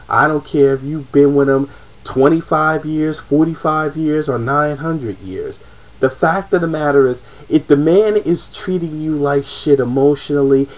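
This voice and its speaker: A man's voice: a little high, muffled recording. A man in an emotional, profane personal rant to camera, repeating himself as he presses his point. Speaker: vlogger.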